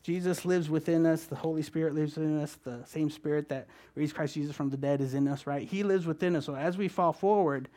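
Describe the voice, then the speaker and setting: A man preaching a conversational sermon, talking fast and often checking in with his listeners. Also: on the high side, steady tone, dark tone. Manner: fast-talking, keeps asking "right?". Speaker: guest preacher.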